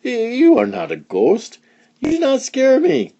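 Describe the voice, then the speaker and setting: A man voicing a naive, excitable male moose in a storybook read-along, speaking in a high, squealing voice. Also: measured pace, gravelly, full character voice. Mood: excited. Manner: squealing high voice, wide-eyed and eager. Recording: dull lo-fi recording.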